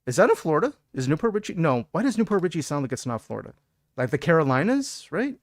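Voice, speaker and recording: A man's voice: on the high side, sing-song, fairly quick, pauses often, no room sound, clean studio sound. A young man from Texas in casual, rambling live-stream chat, reading out viewer messages as he plays. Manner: rambling, chatty, reads chat aloud. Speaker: game streamer.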